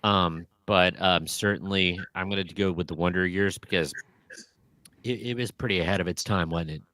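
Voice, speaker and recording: A man's voice: sits low, normal speed, pushed and bright, dry recording. A man co-hosting a casual live podcast, talking in a joking, offhand way.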